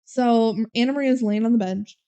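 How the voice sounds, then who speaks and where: Retelling a film's scenes on a podcast she co-hosts, a young woman quotes and performs the characters' lines, often saying "like" and "um." Her voice is a little high, warm, clear and resonant, and she speaks briskly.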